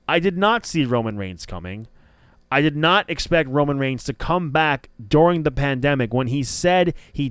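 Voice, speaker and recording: With a medium-pitched, clean voice and no echo, this podcast host rambles through opinionated wrestling takes in a casual style. He keeps correcting himself partway through sentences.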